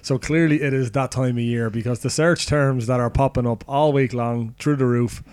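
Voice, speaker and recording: A man's voice: mid-range voice, fairly even intonation, normal speed, a little mellow, smooth, dry recording. An Irish man co-hosting a podcast in loose, jokey banter, rambling and laughing often. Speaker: podcast co-host. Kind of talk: casual banter.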